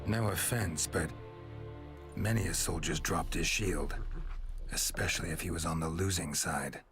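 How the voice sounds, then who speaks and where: A skeptical video game soldier talks in a very deep, dry, doubting voice. He sounds gloomy. Game music plays clearly behind him. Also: a little slow. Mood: doubtful.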